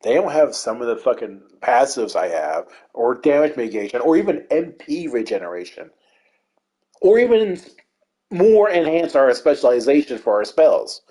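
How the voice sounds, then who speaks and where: A man's voice: mid-range voice, very animated, normal speed, dark tone. A man telling rambling raid stories over gameplay, swearing constantly in casual commentary. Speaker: gamer recounting raid stories.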